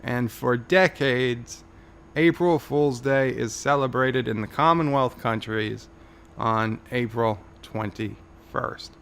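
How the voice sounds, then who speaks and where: Slow, gravelly man telling a rambling tale. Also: medium pitch, a bit bright. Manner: meandering, frequent fillers and restarts, mock-earnest. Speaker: YouTuber telling a mock history. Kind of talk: rambling comic storytelling.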